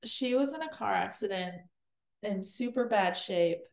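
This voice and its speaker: Gravelly woman recapping a book. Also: medium pitch, animated, a little slow, echoey room. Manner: chatty, giggly, acts out quotes in silly voices. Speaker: podcast co-host explaining a book. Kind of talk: casual chat recapping a novel.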